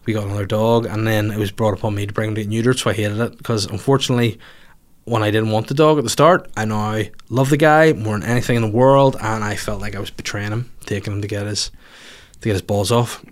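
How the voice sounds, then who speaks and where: A man's voice: on the low side, fairly even intonation, fast talker. A man telling a long, rambling story in casual chat, swearing and laughing at himself as he goes.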